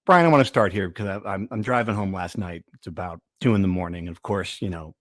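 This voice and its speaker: A man's voice: low-pitched, fast talker, a bit bright, no room sound, studio quality. A man hosting a sports podcast, chatting casually and telling rambling stories with many restarts. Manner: rambling, self-interrupting storyteller. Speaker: podcast host.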